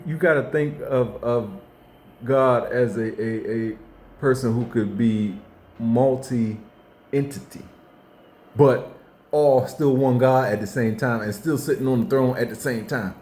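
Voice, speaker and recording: A man speaking about faith in an unscripted, folksy monologue, his pitch sitting in an ordinary middle range. He circles back on his words, stumbles and restarts, then drops low and quiet before surging up with sudden energy. A faint hiss of noise sits under the voice. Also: a little slow.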